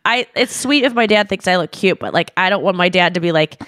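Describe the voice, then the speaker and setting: A woman's voice: fairly low pitch, animated, a little fast, fairly bright tone, no echo. Young woman on a podcast telling a story, swears freely, acts out quotes, dry close mic. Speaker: podcast co-host. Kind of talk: casual storytelling chat.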